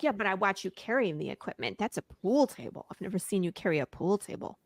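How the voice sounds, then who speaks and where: A woman's voice: medium pitch, sing-song, fast talker, no room sound, studio quality. A woman playing an entitled, bossy rich woman who hosts a comedy sketch show, talking in a whiny, demanding way. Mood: bratty. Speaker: host.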